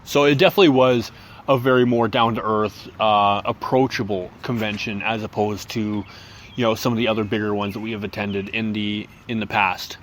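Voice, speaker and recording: A man's voice: fairly low pitch, fairly even intonation, slight background noise. Chatty man hosting a podcast. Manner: chatty, halting with fillers and restarts. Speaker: podcast co-host. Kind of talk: casual chat.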